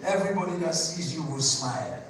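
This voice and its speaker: A man, a pastor preaching a sermon, switching between low asides and sudden shouted bursts while he questions the congregation. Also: very animated, brisk. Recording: echoey hall from far off with noise.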